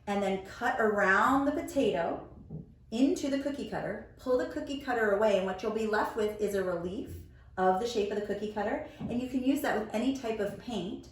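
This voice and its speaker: Patient teacher woman in an echoey room. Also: a little high. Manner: patient, gentle, sounds out words slowly. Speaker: preschool teacher. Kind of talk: teaching a child on video. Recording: very echoey room, mic far off.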